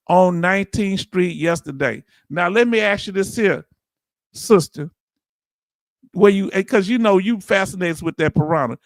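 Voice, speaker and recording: A man hosting a livestream, talking casually and warmly straight to his viewers, often repeating himself for emphasis. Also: high-pitched, vocal fry, no room sound. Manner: animated, talks straight to viewers, repeats "let me tell you something". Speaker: livestream host.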